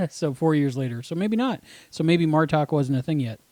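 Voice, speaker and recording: A man's voice: on the high side, animated, normal speed, mellow, no room sound. A man hosting a podcast, chatting casually in a musing, hesitant way and often trailing off. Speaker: podcast host.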